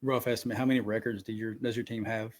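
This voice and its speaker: A man's voice: fairly low pitch, level tone, quick pace. A man hosting a casual podcast, easygoing and asking questions. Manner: easygoing, asks questions, laughs along. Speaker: podcast host.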